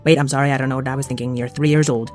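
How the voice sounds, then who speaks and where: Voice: medium pitch, fairly even intonation, darkish tone, faint music behind, natural voice. A performer voicing a weary but doting mother who brushes off her kids' worries. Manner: fond, brisk, dismissive. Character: tired, doting mother in denial.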